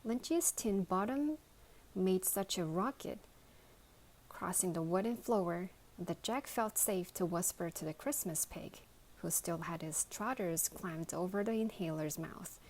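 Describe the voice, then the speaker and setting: A woman reading a children's novel aloud as a bedtime story, in a gentle, measured way. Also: lowish voice, slight background noise, low-quality recording. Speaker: storybook reader.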